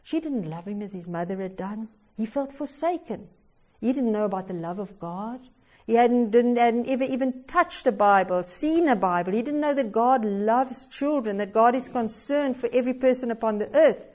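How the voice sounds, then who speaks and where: A woman delivers a sermon that flows into a story, slow and emphatic. Her voice swings between loud stresses and quiet, dropped endings. It sits fairly high. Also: expressive. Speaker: preacher.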